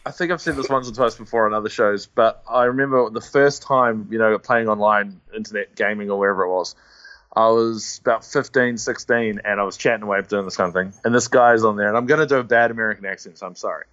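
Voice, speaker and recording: A man's voice: on the low side, fairly even intonation, fast talker, a bit bright, lo-fi sound. A man with a New Zealand accent, guest co-hosting a casual podcast chat, rambling through stories with laughs and restarts. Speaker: guest co-host.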